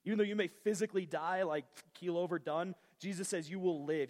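A man's voice: high voice, steady tone, brisk, a little mellow, in a large hall. A man preaching a sermon in a casual, conversational way with slang. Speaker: pastor.

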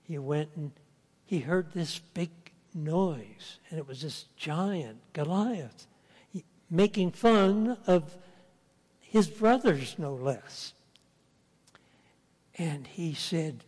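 Slow folksy preacher in an echoing hall. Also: male voice, on the high side, darkish tone. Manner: folksy storytelling, acts out the characters. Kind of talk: sermon. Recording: long hall reverb.

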